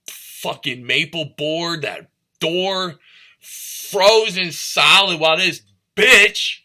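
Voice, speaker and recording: This man from St. Louis, Missouri, speaks in a high-leaning, pushed, bright voice. His monologue is rambling, profane, and stream-of-consciousness, drifting from topic to topic and slipping into freestyle rhymes.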